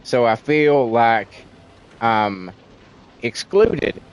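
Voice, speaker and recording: A man's voice: medium pitch, animated, very slow, clear, resonant tone, highs cut off. A man from Tennessee with a thick Southern accent, venting in casual, rambling livestream chat and swearing freely. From Tennessee, USA.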